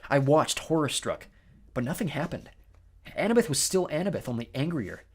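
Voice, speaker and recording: A man giving expressive first-person storybook narration. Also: a little high, moderate pace, slightly rough.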